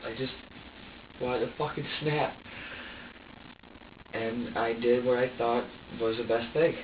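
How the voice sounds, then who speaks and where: Halting man in an echoey interrogation room. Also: medium pitch, steady tone, slight background noise. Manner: halting, repeats himself, swears. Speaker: suspect under police questioning. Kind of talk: recounting events in an interrogation. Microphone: distant room camera mic. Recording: dull, echoey room audio from far off.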